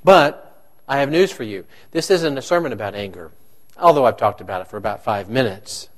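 A man's voice: medium pitch, animated, brisk. A man, a pastor, preaching a conversational sermon and asking his congregation questions.

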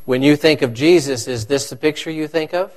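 A man's voice: on the high side, fairly quick, darkish tone. A man, a pastor, preaching a conversational sermon and asking his congregation questions.

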